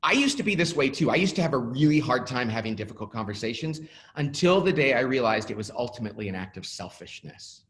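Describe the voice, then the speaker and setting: A man's voice: mid-range voice, fast talker. A middle-aged man, an author, talking in a webinar interview and acting out the dialogue he quotes as he tells stories. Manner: animated storyteller who acts out quoted dialogue. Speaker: author and guest speaker.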